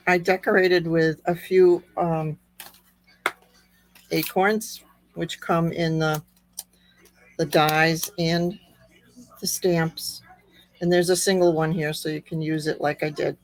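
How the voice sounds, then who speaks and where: A woman with a slightly squeaky voice, chatting through a card-making tutorial step by step. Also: level tone, slight background noise, poor audio. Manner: unhurried, chatty step-by-step explaining. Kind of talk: craft tutorial narration.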